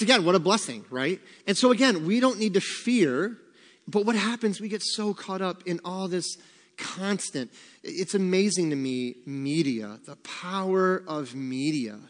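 A man's voice: sits high, unhurried, long reverb tail. A man leading a church group in casual devotional talk, acting out his own worried voice in quotes. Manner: animated, acts out quoted worries.

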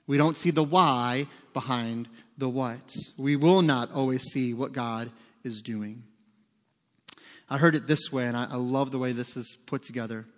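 A man's voice: medium pitch, measured pace. Man preaching in a reverberant church. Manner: conversational preaching with joking asides. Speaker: pastor. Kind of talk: sermon. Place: church sanctuary. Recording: long reverb of a large hall.

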